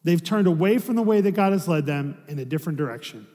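A man with a notably high speaking voice delivers a sermon as a pastor, chatty and conversational. He keeps checking in with the room through rhetorical questions. His words trail off into a long hall reverb. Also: lively intonation, fast, darkish tone.

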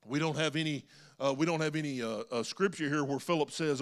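A man's voice: on the high side, fairly quick. A man preaching a sermon in a church, earnest and rising to emphatic calls. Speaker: pastor. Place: church sanctuary.

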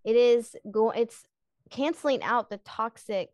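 A woman's voice: a little high, a little slow, darkish tone, no echo, clean studio sound. Enthusiastic woman hosting a faith podcast. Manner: gushing, enthusiastic. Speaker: podcast host. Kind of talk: casual faith-based podcast chat.

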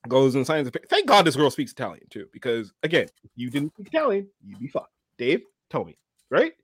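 A man co-hosting a podcast, retelling a show in animated casual chat with frequent laughs. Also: mid-range voice, brisk, slightly rough, dry recording. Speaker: podcast co-host. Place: livestream studio.

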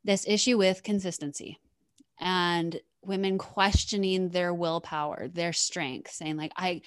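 A woman's voice: on the low side, fairly even intonation, a little slow, clean tone, no room sound, clean studio sound. A woman hosting a podcast, talking about her own experience in a casual, earnest way, with lots of repeated words. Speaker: podcast host.

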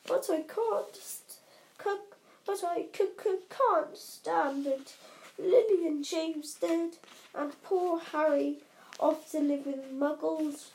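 A woman's voice: fairly high pitch, fairly even intonation, slow, darkish tone. A woman reading as Hagrid, a big shaggy stammering man. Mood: sobbing. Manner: stammering, sobbing. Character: huge shaggy tearful half-giant man. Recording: roomy echo.

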